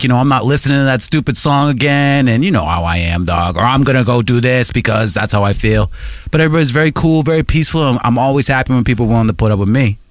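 Young male co-host, lively jokey delivery, dry booth. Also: mid-range voice, no echo. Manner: joking, animated storyteller. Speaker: podcast co-host. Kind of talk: casual chat.

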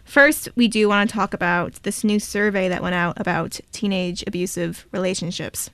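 A woman's voice: mid-range voice, fairly bright tone, no echo. A young woman hosting a student radio talk show, chatty and playful. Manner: chatty, playful, quick to laugh. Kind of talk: casual radio chat.

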